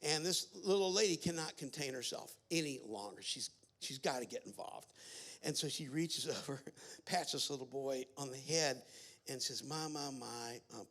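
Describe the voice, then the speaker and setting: A man's voice: medium pitch, normal speed, a bit bright. A man giving a sermon at a family camp, telling a story with many fillers and restarts. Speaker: camp speaker.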